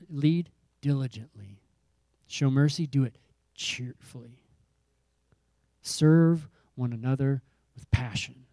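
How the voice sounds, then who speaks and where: Building his sermon through repetition and emphasis into rising calls, this pastor speaks in a warm, mellow, medium-pitched voice. The recording is close and dry, with no echo or room sound.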